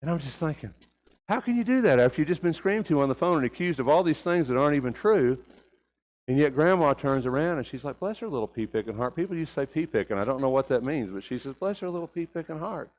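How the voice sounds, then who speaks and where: A man's voice: fairly high pitch, animated, quick pace, darkish tone, dull audio. An older man preaching a Sunday sermon, telling folksy stories and rising to emphatic points.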